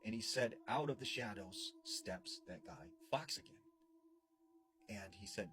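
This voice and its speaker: A man's voice: on the low side, a little slow, a bit bright. A man casually retelling a scary story he heard from someone else, repeating "and he said" and "you know" as he goes. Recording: noisy background.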